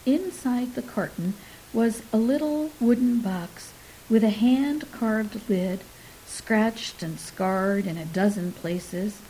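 Slow, mellow woman reading a story. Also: medium pitch, slight background noise, low-quality recording. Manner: unhurried, softly dramatic, dips into whispers.

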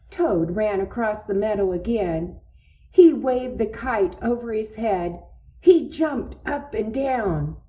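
A woman reading a children's story aloud in a gentle, deliberate way. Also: medium pitch, expressive, lo-fi sound.

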